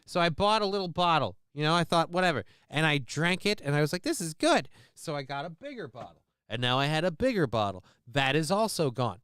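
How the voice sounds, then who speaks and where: A man's voice: fairly high pitch, animated, a little fast, few pauses, a bit bright, clean tone, dry recording, studio quality. A man hosting a livestream, talking casually in a rambling, profane, self-mocking way. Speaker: livestream host.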